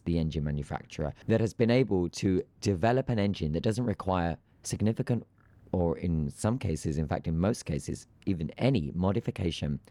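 Podcast co-host, man, very low, mellow voice, dry sound, animated delivery. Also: no echo. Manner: animated, ranting. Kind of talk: casual chat about aviation news.

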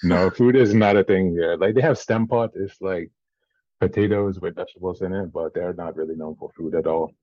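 A man's voice: sits low, brisk, mellow, no room sound, lo-fi sound. A man from Central Virginia with a slightly French-tinged accent, chatting casually as a podcast guest, laughing often and swearing easily. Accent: slightly French-tinged mix. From Central Virginia, USA. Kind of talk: casual interview chat.

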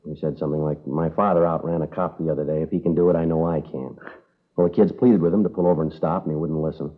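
A man's voice: very deep voice, fairly even intonation, quick pace. A man playing a police detective who speaks in a clipped, matter-of-fact way, in an old radio drama. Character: stern, steady male police detective. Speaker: police officer. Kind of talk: 1950s radio drama acting. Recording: tinny old radio broadcast.

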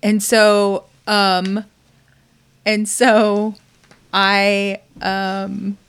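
A woman's voice: mid-range voice, completely flat delivery, very slow, a bit bright, smooth. Woman, middle-aged, podcast co-host, casual chat, blunt, laughs a lot. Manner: giggly, blunt, chatty.

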